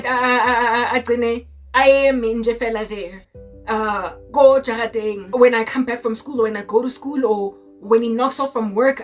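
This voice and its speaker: A young South African woman telling a personal story in a casual monologue, mixing English with Sesotho and often asking "do you understand?". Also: on the high side. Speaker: Christian YouTuber. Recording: distant mic with faint music behind.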